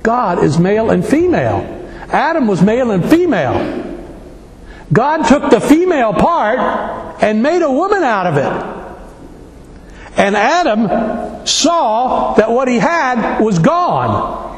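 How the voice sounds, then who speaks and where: Male preacher, high lively voice, slow delivery, echoey hall. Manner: animated, full of rhetorical questions. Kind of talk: sermon. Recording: echoey hall with long reverb, faint noise.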